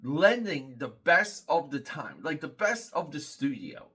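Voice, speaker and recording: A man's voice: fairly high pitch, very animated, unhurried, pushed and bright, slightly rough. A man hosting a casual comic book review, rambling and critical, with many fillers and restarts.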